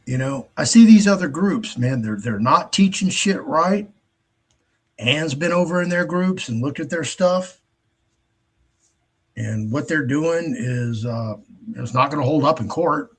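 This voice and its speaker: A man's voice: fairly high pitch, expressive, a little slow, breathy edge. A male show host delivering a blunt, profane, exasperated rant with frequent restarts. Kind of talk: ranting monologue.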